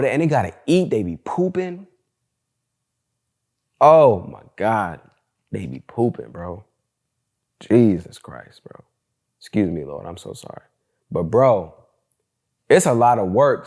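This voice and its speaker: Speaking at a moderate pace, a young man hosts a podcast on his own, his lowish voice expressive and mellow. His storytelling is candid and laid-back, loaded with slang and constant "bro" and "like."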